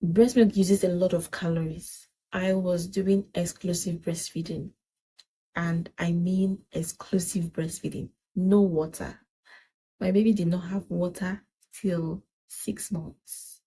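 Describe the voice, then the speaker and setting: A woman's voice: lowish voice, fairly even intonation, takes it slowly, warm tone, slightly rough, rough recording. A young woman, earnestly giving advice in a casual vlog chat and repeating points for emphasis. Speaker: parenting vlogger.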